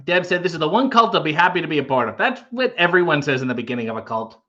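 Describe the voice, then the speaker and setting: A man's voice: on the high side, very animated, fairly quick, bright, forceful tone, dull audio. A man hosting a casual livestream, reading viewer comments aloud and riffing on them with wry humor. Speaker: livestream host reading chat.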